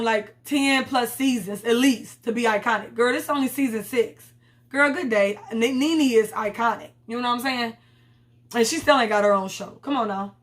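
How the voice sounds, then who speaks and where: A woman's voice: fairly high pitch, a bit bright. A young woman reviewing a reality TV episode in a blunt, profane, slangy casual chat. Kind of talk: casual commentary vlog.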